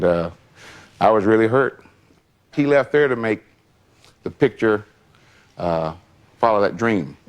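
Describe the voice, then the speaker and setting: Older male storyteller, low-pitched voice, loose and rambling. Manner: rambling anecdotes with many asides. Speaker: longtime associate recounting memories. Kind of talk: casual storytelling.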